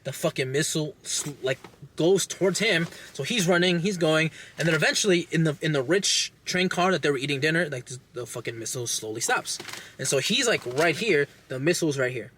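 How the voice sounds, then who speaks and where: Animated, swearing man recapping a movie. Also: a little high, fairly quick, a little hiss or hum. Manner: animated, profane, acts out characters' lines. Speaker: podcast host reviewing a movie.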